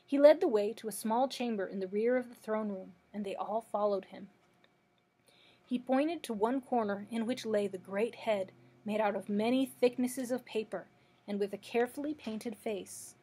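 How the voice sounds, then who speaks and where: A woman librarian reading a children's book aloud in steady narration. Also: a little high, normal speed, slightly rough. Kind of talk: storybook read-aloud.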